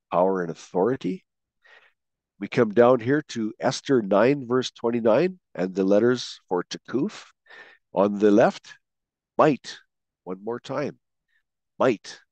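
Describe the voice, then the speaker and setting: Slow, lively-toned male Bible teacher. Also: on the low side, no echo, highs cut off. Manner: slow, questioning, emphatic on key words. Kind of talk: scripted teaching narration.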